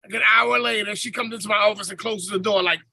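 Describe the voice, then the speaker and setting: Podcast host, male, very high gravelly voice, sharp and husky, swears freely through a comic rant on a video call. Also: steady tone, fast talker, no echo, low-quality recording. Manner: profane, storytelling with swearing and slang. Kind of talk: casual comedic rant.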